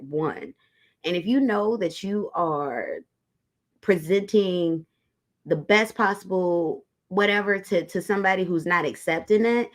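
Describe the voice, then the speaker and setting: Woman host, tarot livestream, low-pitched, chatty and casual, talks straight to the audience. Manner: chatty, talks straight to viewers as y'all, reads comments aloud. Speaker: tarot reader hosting a livestream. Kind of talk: casual livestream chat with viewers.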